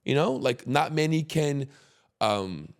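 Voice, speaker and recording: A man hosting a casual podcast conversation, talking emphatically and getting animated when he makes a point. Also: fairly high pitch, slow pace, creaky. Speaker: podcast host.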